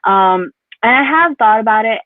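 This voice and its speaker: A woman's voice: fairly high pitch, expressive, normal speed, no room sound. Young New woman doing stand-up over a call. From New York. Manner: rambling, filler-heavy, laughs at own jokes. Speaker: stand-up comedian. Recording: tinny phone-like call audio, dry.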